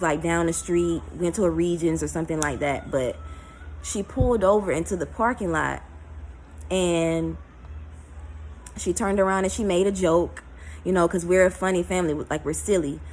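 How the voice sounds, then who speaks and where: Emotional woman, low voice. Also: darkish tone, slight background noise, low-quality recording. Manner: emotional, halting, full of fillers. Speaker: vlogger. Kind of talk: personal storytelling.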